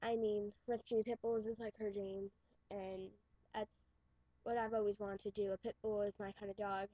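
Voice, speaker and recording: A teenage girl with a New York accent vlogs into her webcam, chatting casually, rambling, restarting often, and trailing off. Her voice is medium-pitched and level, at normal speed with a dark tone. The webcam mic gives dull lo-fi audio with no echo.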